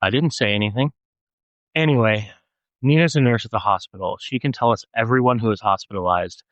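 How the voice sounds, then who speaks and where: A man reading an audiobook, voicing a driven, bossy young woman who talks in a brisk, pushy way. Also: fairly low pitch, a bit bright, no echo, highs cut off, close to an everyday voice. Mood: urgent.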